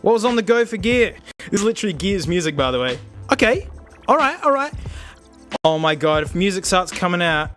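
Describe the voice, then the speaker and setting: A young Australian man giving excitable, jokey commentary while showing old gadgets. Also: sits high, moderate pace, long pauses, faint music behind. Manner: excitable, jokey, bursts into laughter. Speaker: tech reviewer. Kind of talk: casual video commentary.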